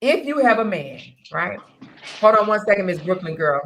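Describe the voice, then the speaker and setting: A woman's voice: medium pitch, very animated, normal speed, a little hiss or hum. An older woman hosting a casual live-stream talk in a Southern manner, blunt and preachy, laughing often as she speaks her mind. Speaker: live show host.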